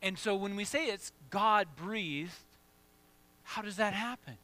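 Male pastor, sermon delivery, bright and slightly high, very dynamic from hushed prayer to loud emphasis. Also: measured pace. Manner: animated preaching, swings from soft hushed prayer to loud excited bursts.

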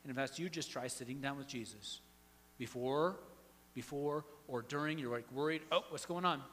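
A man preaching a sermon as pastor, conversational, swinging from hushed to loud and emphatic. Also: mid-range voice, normal speed. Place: church sanctuary. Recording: long hall reverb, faint hum.

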